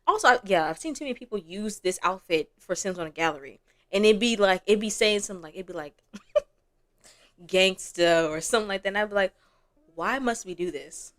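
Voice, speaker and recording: A woman's voice: mid-range voice, expressive, quick pace. A young woman giving casual gameplay commentary as a gaming creator, chatty and rambling, laughing often.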